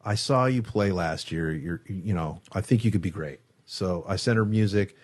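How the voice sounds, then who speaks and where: Low-voiced man telling a story, swearing freely. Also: moderate pace. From San Francisco Bay Area. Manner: animated storyteller, acts out quotes, swears freely. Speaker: guest guitarist. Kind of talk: casual storytelling interview. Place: studio.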